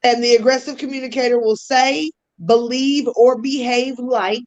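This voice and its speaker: A woman's voice: a little high, fairly even intonation, moderate pace, hardly any pauses, lo-fi sound. A woman hosting a podcast, explaining communication styles in a teaching tone with casual slang asides. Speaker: podcast host.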